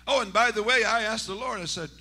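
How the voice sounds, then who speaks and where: A man, a senior pastor, preaching a Pentecostal sermon in church, dropping to hushed talk and rising to shouted exclamations. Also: sits high, fast, gravelly. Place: church sanctuary.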